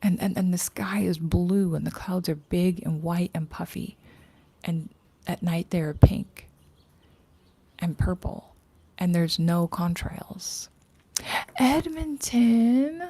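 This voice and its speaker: A woman chats casually to her livestream viewers from outdoors. Her voice sits low and gravelly, with a mellow, dark tone. She rambles freely and often slips into breathy whispered asides. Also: flat delivery, takes it slowly, no room sound. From Canada. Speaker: livestream host. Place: outdoors in morning sun.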